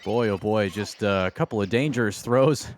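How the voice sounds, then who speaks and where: A man's voice: on the low side, moderate pace, slight background noise. A man giving color commentary on a simulated football game in a folksy way, full of exclamations. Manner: folksy, leans on exclamations like "boy, oh boy". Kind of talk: live esports football commentary.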